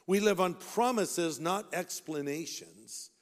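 A man's voice: high voice, slow. Impassioned male preacher, echoing hall. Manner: impassioned, rhetorical questions, shifts from loud to hushed. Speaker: pastor. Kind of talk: sermon. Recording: long hall reverb.

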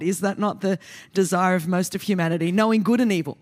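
An Australian woman in her fifties, a guest preacher delivering an energetic, joking sermon in a fast, continuous flow. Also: on the low side. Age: 50s.

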